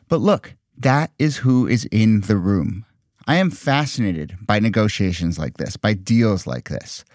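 A man's voice: fairly low pitch, lively intonation, measured pace, darkish tone, no echo, studio quality. A man hosting a podcast, narrating in a wry, conversational and skeptical way. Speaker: podcast host. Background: faint music.

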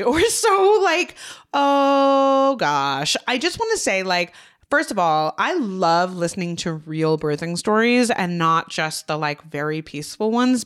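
Heartfelt woman host, smooth clear voice. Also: mid-range voice. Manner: heartfelt, swears freely, near tears. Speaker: podcast host. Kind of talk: casual podcast chat.

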